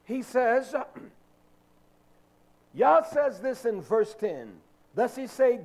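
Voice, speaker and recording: A man preaching a Sabbath sermon in a notably high voice. He speaks with fervent emphasis, and hesitant filler sounds break up his lines as he presses each point on the congregation. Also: big pitch swings, very slow, long pauses, darkish tone.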